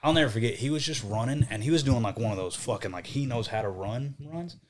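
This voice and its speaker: Profane, animated young man telling a story. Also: medium pitch, quick pace. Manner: profane, animated, acts out quotes. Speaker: podcast guest, band vocalist. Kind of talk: casual storytelling.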